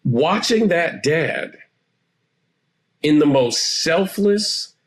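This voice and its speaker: A man in his forties, a therapist guest, explaining things in a calm, assured way. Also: fairly high pitch, very slow, husky. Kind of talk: interview answers.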